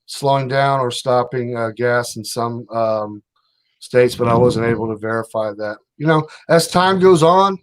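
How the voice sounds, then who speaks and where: A man's voice: mid-range voice, measured pace. A man hosting a casual livestream chat, rambling and hesitant, with many fillers. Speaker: livestream host.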